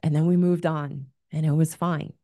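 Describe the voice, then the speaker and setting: Woman relationship coach, low voice, earnest advice monologue, dry close sound. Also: flat delivery, moderate pace, dark tone, no echo.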